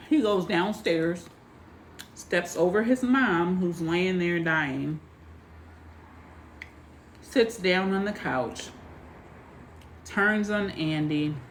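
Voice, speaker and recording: A woman reviewing a movie in a casual, animated retelling, chatting straight to her viewers. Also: fairly low pitch, a little hiss or hum. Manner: animated retelling, acting out characters' lines; chatty, addresses viewers directly. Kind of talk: casual spoken movie recap.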